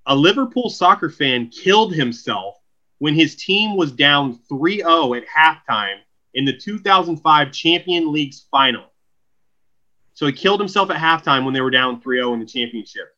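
A man's voice: fairly high pitch, lively intonation, normal speed, bright, forceful tone, dull audio. A man from Oregon co-hosting a comedy podcast, joking, teasing and telling stories in a casual chat. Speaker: podcast co-host.

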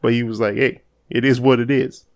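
A man's voice: mid-range voice, flat delivery, a little fast. A man co-hosting a casual podcast, joking and laughing as he retells a story. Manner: laughing, jokey, rises sharply when mimicking. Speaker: podcast co-host.

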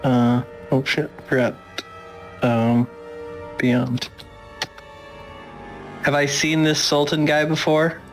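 A man's voice: on the high side, flat delivery, slow pace, pauses often, faint music behind. A man playing in a tabletop game, talking casually and hesitantly with lots of ums. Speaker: player.

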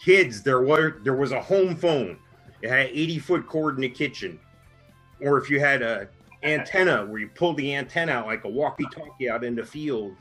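A man's voice: medium pitch, animated, normal speed, a bit bright, breathy edge, faint music behind. Chatty middle-aged man telling a story. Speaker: podcast co-host. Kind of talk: casual storytelling chat.

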